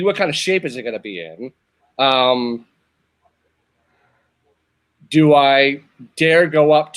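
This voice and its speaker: A show host in his fifties from Northern Virginia tells a long personal story in casual chat, his voice a little high and a bit bright. He rambles, repeats himself and keeps restarting his sentences.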